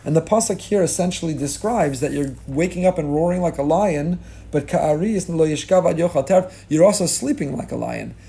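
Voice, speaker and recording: Middle-aged rabbi preaching, fired up, dark mellow voice a bit high, hebrew terms sprinkled in. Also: male voice, expressive, a little fast, vocal fry. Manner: impassioned, rising emphasis on key lines; mixes Hebrew and Yiddish religious terms. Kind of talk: sermon.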